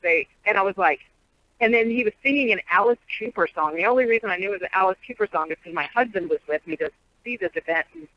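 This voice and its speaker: A woman telling stories as an interview guest, a lively storyteller and prophetic teacher. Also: mid-range voice, quick pace. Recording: dull lo-fi sound.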